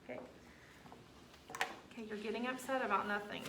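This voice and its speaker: A woman's voice: a little high, moderate pace, noisy background. A woman teacher, patiently talking her students through a classroom lesson step by step. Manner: patient, coaxing, talks students through steps. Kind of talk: classroom instruction. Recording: roomy classroom audio from a distance.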